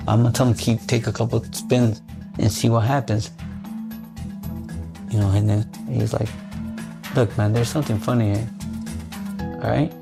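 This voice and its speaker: A man with a gravelly, creaky voice tells his story in a podcast interview. He swears freely and acts out both sides of old phone calls. Music plays clearly underneath. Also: medium pitch, moderate pace, long pauses. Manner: profane, animated, re-enacts phone calls.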